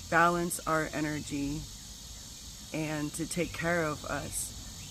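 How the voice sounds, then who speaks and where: A woman's voice: low-pitched, a bit bright, a little hiss or hum, low-quality recording. A middle-aged woman vlogging, telling a personal story candidly, with casual swearing and spiritual talk. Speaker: wellness vlogger.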